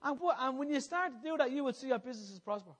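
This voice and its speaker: A male preacher with a strikingly high voice delivers an impassioned sermon. He circles back over his phrases and asks his listeners questions as he presses his point. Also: lively intonation, fast.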